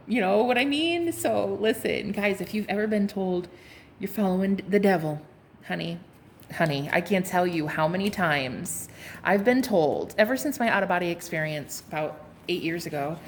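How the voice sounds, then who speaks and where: A woman's voice: fairly low pitch, normal speed, slight background noise. Sassy laughing woman reading tarot. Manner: sassy and playful, laughs often, swears, calls viewers honey. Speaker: tarot card reader. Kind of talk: casual pick-a-card tarot reading to viewers.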